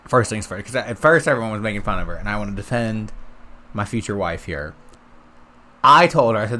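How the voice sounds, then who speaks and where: A young man co-hosting a casual comedy podcast, telling a story and getting loud when he quotes people. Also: fairly low pitch, fairly quick. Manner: storytelling, gets loud and animated when quoting. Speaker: podcast co-host.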